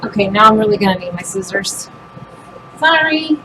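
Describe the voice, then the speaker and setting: With an expressive, medium-pitched voice at a moderate pace, a middle-aged woman carries on casual craft-demo chat. She works with her hands and makes self-deprecating remarks, and the home recording is noisy with the hum of a loud furnace.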